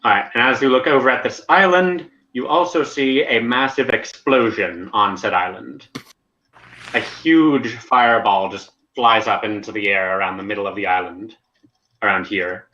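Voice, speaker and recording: A man's voice: fairly low pitch, moderate pace, bright, forceful tone. Man narrating a tabletop game, echoey. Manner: casual, descriptive narration with frequent restarts. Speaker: game master. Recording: echoey dull lo-fi voice chat.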